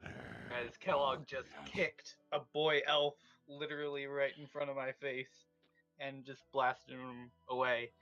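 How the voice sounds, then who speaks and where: A man's voice: mid-range voice, little pitch movement, slow pace, creaky, pushed and bright, no room sound, soft background music. A man playing a tabletop game, speaking hesitantly with frequent ums, on a dull lo-fi mic. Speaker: player.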